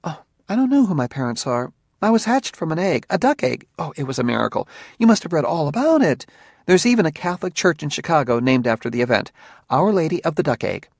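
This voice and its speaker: A man's voice: fairly high pitch, big pitch swings, quick pace, vocal fry, no echo, clean studio sound, pitched above the performer's own voice, heavily acted. A man voicing a giddy, evasive young woman in love, joking to dodge serious questions in an audiobook. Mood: playful.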